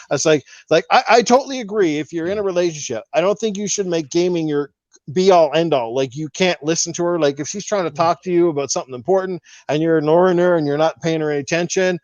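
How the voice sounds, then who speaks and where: A male podcast host with a fairly high voice who tells stories in a profane, animated way. He is recorded dry and dull, with a lo-fi sound. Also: fast, dry recording. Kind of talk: casual podcast chat.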